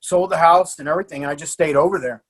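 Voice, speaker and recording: A middle-aged American jiu-jitsu coach appears as a podcast guest, casually telling stories in a fairly high, slightly rough voice at a quick pace. He's an animated storyteller who swears freely, laughs often, and keeps restarting his sentences.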